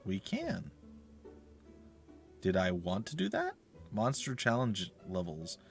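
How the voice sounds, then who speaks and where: A man gives casual gaming commentary in a chatty, joking way. His pitch moves around a lot, and he talks straight to the monsters on screen. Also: wildly swooping pitch, slow pace, vocal fry, slightly rough, faint music behind. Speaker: let's play host.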